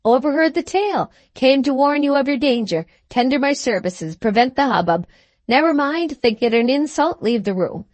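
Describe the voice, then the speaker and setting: A woman voicing a brash, scheming male gentleman who speaks in clipped, staccato phrases. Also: high voice, expressive, normal speed, no room sound, voice pushed up.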